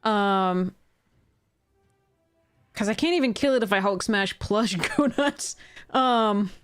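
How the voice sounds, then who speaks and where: A woman commenting on her own card game, exasperated and swearing, with sudden high-pitched outbursts. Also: takes it slowly, smooth, soft background music. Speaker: streamer playing a card game. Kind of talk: frustrated gameplay commentary.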